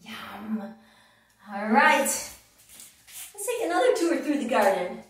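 A woman's voice: on the high side, big pitch swings, takes it slowly. A woman teaching a children's yoga class, leading it with playful sing-song chants. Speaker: kids yoga instructor. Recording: echoey room from far off.

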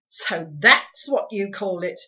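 A woman's voice: medium pitch, animated, slow pace, full character voice. A woman putting on a harsh, cruel housekeeper. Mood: menacing. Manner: harsh, loud, spitting insults. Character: cruel scolding middle-aged housekeeper woman. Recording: dull lo-fi recording.

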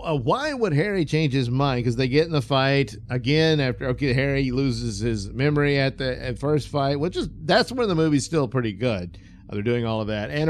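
A man's voice: mid-range voice, slight background noise. A man giving a casual, rambling film review, full of fillers, chuckles and sarcastic asides. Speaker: movie reviewer.

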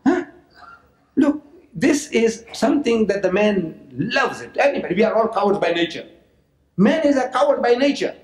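A high-voiced man from South Africa delivers a religious lecture with lots of energy. He keeps repeating phrases for effect and throws in mocking asides, and the talk echoes around a large lecture hall. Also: very animated, normal speed. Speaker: public lecturer. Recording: roomy lecture hall recording.

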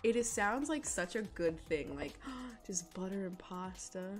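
A woman's voice: medium pitch, animated, unhurried. A young woman chatting casually with her chat while she draws, giggling often and rambling about food. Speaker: illustrator streaming live drawing.

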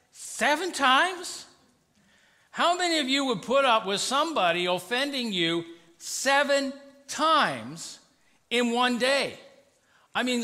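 Male pastor, sermon, high bright voice, playful and animated, church hall reverb. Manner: animated, acts out sarcastic voices, with quick asides. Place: church sanctuary.

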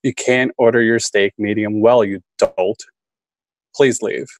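At a student reading, an MFA student reads his own list poem aloud in a lowish, fairly even voice, unhurried and dryly understated. The recording quality is low.

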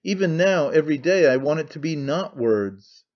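A gloomy, brooding idealist, read by a man, grave and curt, in an audiobook. His voice sits slightly high over a dull, lo-fi recording. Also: lively intonation, moderate pace, darkish tone, lightly acted. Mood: earnest. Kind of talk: audiobook character reading.

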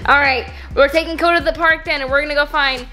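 A woman's voice: high-pitched, fairly even intonation, fast talker, pushed and bright. A young woman in her twenties vlogging casually outdoors, talking to her viewers and giggling often. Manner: chatty, giggly, addresses viewers. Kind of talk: casual vlog chat. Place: outdoors at a park.

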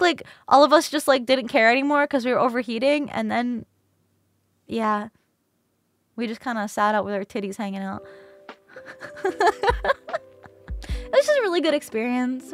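A young woman streamer telling a story in a casual chat, animated and breaking into laughter. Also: sits high, dry recording, clean studio sound.

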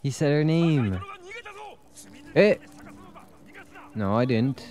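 Slow, lively-pitched game streamer. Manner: swears freely, reacts out loud, laughs often. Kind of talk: live gameplay commentary.

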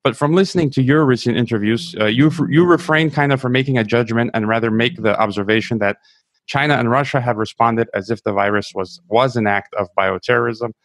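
A man hosting a podcast, reading an intro and then asking long questions with a measured delivery and some fillers. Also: medium pitch, no room sound. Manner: measured, reads promos, uses fillers. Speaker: podcast host.

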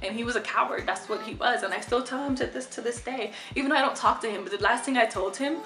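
A young woman in a casual storytime vlog, chatty and animated, swearing freely. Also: fairly high pitch, fast, roomy sound. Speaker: vlogger.

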